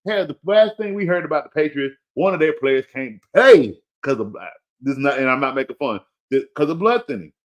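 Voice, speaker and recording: Through a muffled recording, a fantasy football host with a fairly high, sing-song voice talks fairly quickly in a loose, opinionated rant. He pleads with a listener and repeats his warnings emphatically, keeping a playful tone and laughing at himself.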